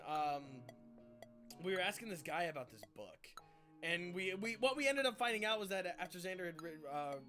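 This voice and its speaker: A woman's voice: sits low, a bit bright. Woman game master on a stream, loose and profane, faint music behind. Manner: swears freely, laughs often. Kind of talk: casual stream chat.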